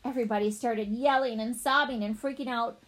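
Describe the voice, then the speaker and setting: A woman narrating a children's storybook in a playful, animated way as a young boy narrator. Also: a little high, brisk, poor audio. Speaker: audiobook narrator.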